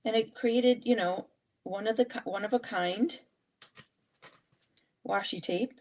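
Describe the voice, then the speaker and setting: A woman leads a relaxed live art journaling session. She chats and thinks aloud as she pulls supplies and prompt cards. Her pitch sits in an ordinary middle range, and her delivery is casual and unscripted. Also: unhurried. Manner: chatty, thinking aloud while working. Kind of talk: casual live craft demonstration.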